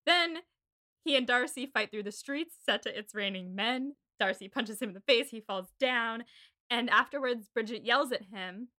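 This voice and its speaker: An American woman with a bright, sharp voice, pitched a little high. She chats casually on a podcast and walks through a film's plot in long, breezy summaries. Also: moderate pace. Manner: retells film plots in long, breezy summaries.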